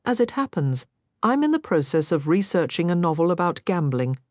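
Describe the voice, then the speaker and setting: Brief: woman playing a polite, curious young lady writer, lively lilting voice, dry sound. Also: fairly low pitch, normal speed, no room sound. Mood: eager. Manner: polite, eager.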